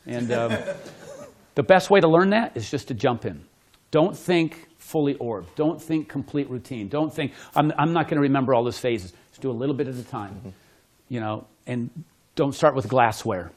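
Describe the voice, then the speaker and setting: A man with a high, very lively voice tells magic stories and jokes to a small indoor audience. He laughs as he talks and loudly acts out what people said, then demonstrates a trick. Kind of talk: animated storytelling with demonstration.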